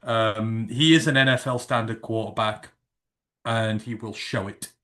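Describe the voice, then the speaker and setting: A British man co-hosting a casual live sports stream, teasing and animated. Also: on the low side, unhurried. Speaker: podcast co-host.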